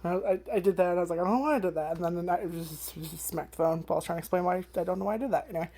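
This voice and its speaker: Mellow-voiced woman rambling about anime. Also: lowish voice, rapid-fire, breathy edge. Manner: rambling, swears freely, many fillers. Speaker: anime vlogger. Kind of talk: casual first-impressions chat.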